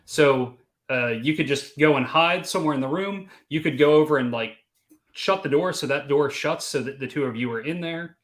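A man's voice: a little high, moderate pace, fairly bright tone. A man narrating as game master in a tabletop role-playing session, casual and full of fillers.

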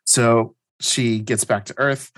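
A man's voice: mid-range voice, steady tone, slow, a bit bright. A man co-hosting a podcast, casually and animatedly retelling a comic book plot and laughing as he talks. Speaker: podcast co-host.

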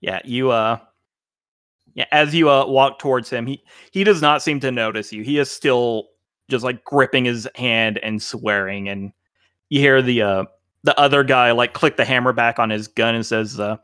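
A man narrating as game master, relaxed and rambling with many fillers. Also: mid-range voice, moderate pace, clean tone, dry recording, clean studio sound.

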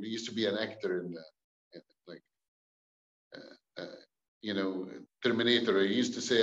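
A man, a pastor, telling a dramatic personal story with wry jokes and acted-out dialogue. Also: lowish voice. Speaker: pastor and guest. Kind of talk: storytelling testimony. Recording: dull, roomy recording.

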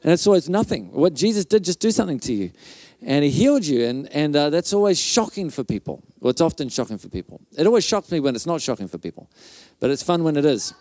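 A man's voice: fairly high pitch, quick pace, no room sound. Chatty male pastor, dry close sound. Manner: animated storyteller, makes sound effects with his mouth; loose and chatty, with many fillers and restarts. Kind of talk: conference sermon telling a testimony story.

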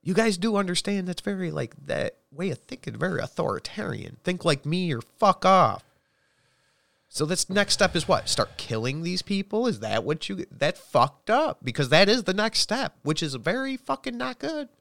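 A man's voice: high voice, sing-song, moderate pace, gravelly, few pauses, a bit bright, no room sound. A man co-hosting a casual chat, talking bluntly with heavy swearing and ranting.

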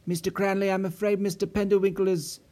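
A man's voice: high-pitched, flat delivery, quick pace, a little mellow, pitched above the performer's own voice, close to an everyday voice. A man voicing a nervous male office supervisor who stammers and hesitates, raised a little above his own voice. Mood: flustered.

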